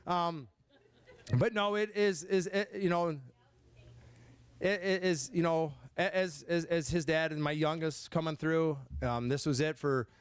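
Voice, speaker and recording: A man in his forties speaks as a head coach at a team banquet. His voice sits a little higher than most men's, and it comes across dry and close on the microphone. He talks in halting bursts with repeated words and sometimes sounds choked up. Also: fairly even intonation, clear, resonant tone, no echo. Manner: emotional, choked up at times. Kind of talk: banquet speech. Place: banquet hall, indoors.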